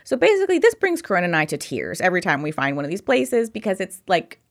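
A woman's voice: medium pitch, huge pitch swings. Enthusiastic young woman podcast co-host. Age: young adult. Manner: enthusiastic, quick agreeing interjections. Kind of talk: casual chat.

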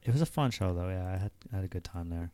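Deep, warm male co-host, relaxed and agreeable, dry close recording. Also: fast, clear, resonant tone, dry recording. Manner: relaxed, agreeable, short replies. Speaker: podcast co-host. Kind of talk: casual chat. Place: home.

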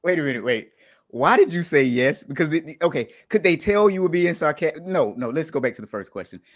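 A man's voice: fairly high pitch, animated. Playful Southern American man hosting. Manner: playful, quick restarts, teasing questions. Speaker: podcast host. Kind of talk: casual interview chat.

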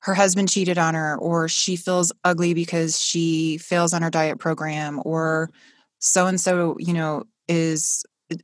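Fervent, lower-voiced woman host. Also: little pitch movement, measured pace, dry recording, clean studio sound. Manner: fervent, encouraging, preacher-like. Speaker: podcast host. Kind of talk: faith-based podcast conversation.

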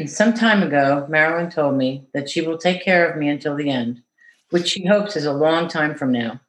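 A woman caregiver reading a letter aloud in an earnest, measured way, then answering interview questions. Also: deep voice. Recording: echoey room.

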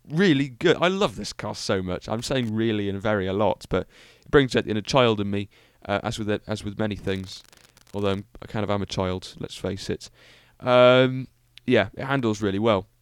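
A man's voice: fairly low pitch, smooth, dry recording, studio quality. A young British man hosting a solo car-review podcast, talking in a rambling, enthusiastic, self-mocking way with lots of fillers. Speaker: podcast host.

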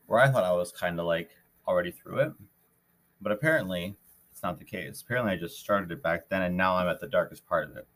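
Podcast host, young man from Minnesota, lower voice, loose rambling storyteller heavy on fillers. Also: quick pace. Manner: rambling, animated retelling with many fillers. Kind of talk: casual storytelling.

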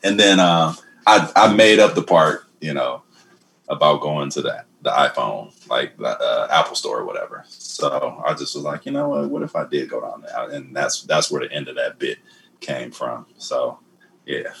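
Very deep-voiced mumbling middle-aged man. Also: measured pace, gravelly, slight background noise. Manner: mumbling storyteller, voice trails off quietly, bursts of higher quoted lines. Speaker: comedian guest. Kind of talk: casual interview chat.

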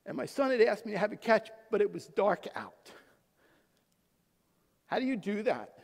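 A middle-aged man, a pastor, preaching a sermon with emphasis, swinging from loud to hushed. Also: high voice, very animated, normal speed, creaky. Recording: long hall reverb.

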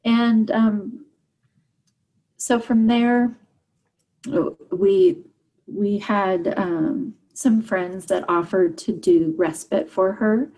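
A woman shares a hard personal story as an interview guest. Her voice is warm, husky and slightly breathy. She talks earnestly and haltingly, with frequent fillers and restarts. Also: medium pitch, steady tone, low-quality recording. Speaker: guest, parent.

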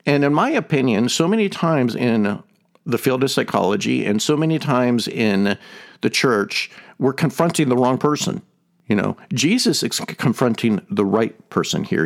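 A man's voice: mid-range voice, big pitch swings, normal speed, creaky. A man hosting a podcast, giving an earnest teaching talk and restating his main point several times. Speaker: podcast host. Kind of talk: teaching talk on a faith topic.

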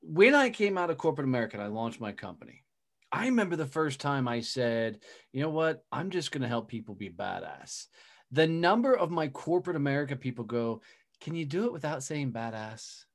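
A man's voice: mid-range voice, very animated, fairly quick, creaky. A middle-aged man in a casual chat, blunt and punchy, swearing freely as he tells stories. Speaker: guest, speaker and business owner.

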